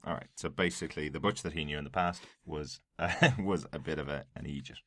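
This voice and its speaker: Very deep-voiced Irish man, dry sound. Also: a little fast, a bit bright, no room sound. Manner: chatty and recapping, with frequent fillers and laughter. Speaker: podcast co-host. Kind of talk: casual podcast chat.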